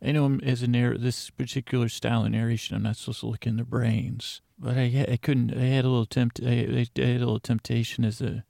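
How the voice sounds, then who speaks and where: A man's voice: mid-range voice, level tone, fast, gravelly, few pauses, mellow, dry recording, studio quality. A man playing a narrator in a comedic audio drama, talking in a rambling way with lots of self-interruptions and chatty asides. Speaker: fictional narrator.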